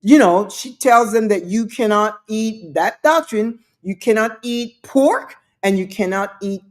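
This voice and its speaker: A woman's voice: mid-range voice, a little slow. A woman hosting her own show, telling a story in a chatty, skeptical way with frequent restarts and asides. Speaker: show host. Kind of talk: casual storytelling monologue.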